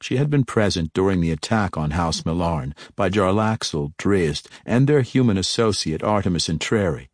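A man narrating a dark fantasy novel in a steady, measured storytelling manner. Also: low-pitched, no echo, clean studio sound. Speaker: audiobook narrator.

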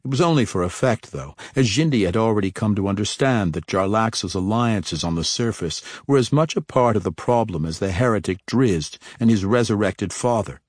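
A man reading a fantasy novel aloud as an audiobook narrator, in a measured storytelling way. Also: on the low side, lively intonation, no room sound, studio quality.

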